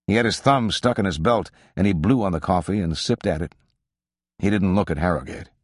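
Audiobook narrator: man, very low voice, measured literary delivery, dry close sound. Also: no echo. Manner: measured, even literary reading. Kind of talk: scripted narration of a literary novel.

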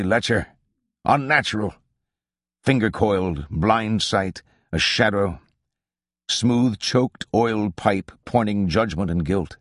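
Deep-voiced man reading a novel. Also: dry recording, clean studio sound. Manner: measured, even literary reading. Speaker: audiobook narrator. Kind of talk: scripted narration of a literary novel.

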